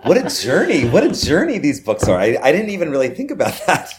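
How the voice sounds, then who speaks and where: A man's voice: a little high, fast talker, noisy background. A man who is a guest on a podcast, chatting casually and enthusiastically. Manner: enthusiastic, animated. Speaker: podcast guest, children's publisher. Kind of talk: casual interview chat.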